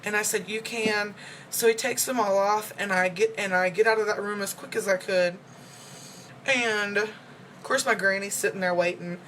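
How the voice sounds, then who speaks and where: In a casual personal check-in video, a young woman vlogger tells a rambling, filler-heavy story while clearly upset and emotional. She speaks at a moderate pace in a steady, mid-range, fairly bright voice, with slight background noise.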